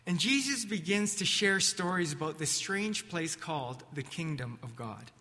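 A man preaching, retelling a scripture story vividly as he guides listeners through a reflection. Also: a little high. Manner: vivid, animated narration with slow pauses. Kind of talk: dramatic sermon storytelling. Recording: echoey hall reverb.

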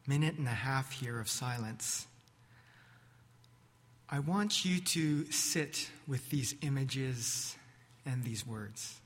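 Slow, bright-voiced preacher telling a story. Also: male voice, fairly high pitch. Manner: vivid, animated narration with slow pauses. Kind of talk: dramatic sermon storytelling. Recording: echoey hall reverb.

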